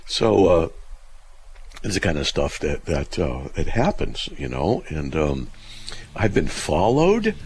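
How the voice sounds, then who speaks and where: Low gravelly guy hosting call-in radio, voice swings all over, faint hiss behind. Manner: animated, laughing, mimics shouting voices in stories. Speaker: radio host. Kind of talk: casual storytelling on call-in radio.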